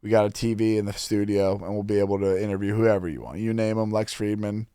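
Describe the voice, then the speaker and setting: A man's voice: lowish voice, fairly even intonation, fast, dark tone, clear, resonant tone, no echo. A man hosting a podcast in casual banter, swearing a lot and joking boastfully, in a studio. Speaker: podcast host.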